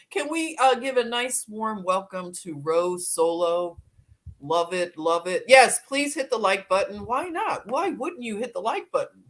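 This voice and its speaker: A woman's voice: mid-range voice, a bit bright. A woman hosting a casual livestream, greeting viewers by name and laughing often as she chats. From Philadelphia. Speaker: livestream host.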